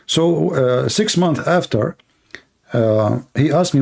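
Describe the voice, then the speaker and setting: A man's voice: on the high side, expressive, slow pace, vocal fry, a little mellow, breathy edge. A man hosting a livestream, telling stories casually in broken English with a mocking tone. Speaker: livestream host.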